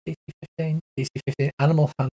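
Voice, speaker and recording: A man's voice: a little high, flat delivery, racing, warm tone. A man narrating as game master, chatty and laughing, acting out creatures and crowds as he goes.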